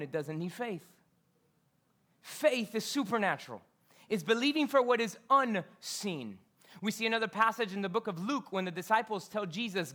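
A woman preaching a sermon to a congregation. She is conversational, asks the listeners questions, and swings between loud scripture reading and quiet asides. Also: fairly low pitch. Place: church.

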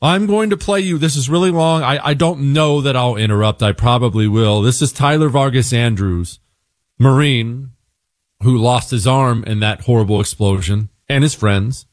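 A man's voice: mid-range voice, moderate pace, dry recording, studio quality. A man hosting a talk radio show, speaking conversationally and often stopping to correct himself.

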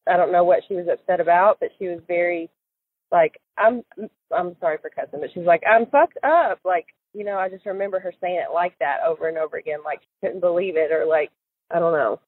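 A woman's voice: fairly low pitch, fairly even intonation, quick pace, no room sound. Hesitant woman on a tinny line. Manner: hesitant, many fillers and restarts. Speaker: interviewee recalling events. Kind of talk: casual recorded interview. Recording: tinny phone-line sound, dry.

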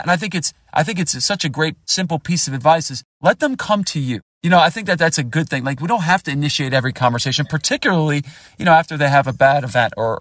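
A man's voice: fairly high pitch, fairly bright tone, no room sound, clean studio sound. A man in his forties, a podcast host, candidly telling a rambling story. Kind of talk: casual conversation.

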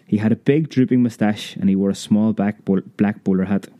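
A man narrating a memoir audiobook in a measured, vivid storytelling manner. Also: fairly low pitch, fairly even intonation, mellow, no room sound.

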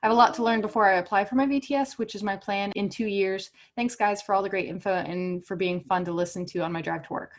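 A woman's voice: mid-range voice, fairly even intonation, fast, hardly any pauses. A woman co-hosting a podcast who chats casually, laughs often and reads out listener reviews. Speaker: podcast co-host.

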